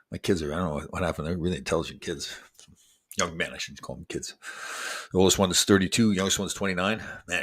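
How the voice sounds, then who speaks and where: A man in his sixties talks with viewers in a casual livestream, his voice sitting very low. He rambles from story to story and cracks self-deprecating jokes. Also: a bit bright, slightly rough. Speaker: show host.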